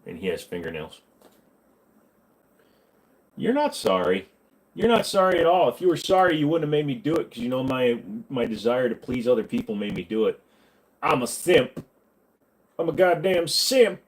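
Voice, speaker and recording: A man's voice: mid-range voice, big pitch swings, brisk, pauses often, a little mellow, poor audio. A man hosting a casual livestream, answering viewer questions with crude jokes and banter aimed at his chat. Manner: crude joking banter, talking back to chat.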